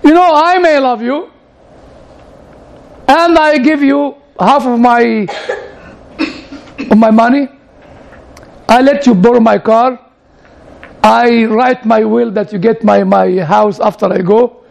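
A man's voice: extremely high pitch, steady tone, slow, vocal fry, long pauses, low-quality recording. A man preaching a conversational sermon, often turning to the audience with "you know" and side questions. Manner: chatty, leans on "you know" and audience asides.

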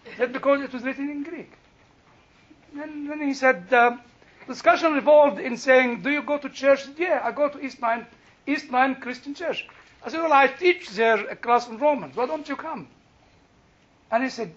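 A man's voice: extremely high pitch, expressive, unhurried, long pauses, sharp tone, a little hiss or hum. An older man with an Egyptian accent, teaching a Bible class in a chatty storytelling way with frequent laughs and restarts. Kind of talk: sermon with storytelling. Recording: dull lo-fi recording.

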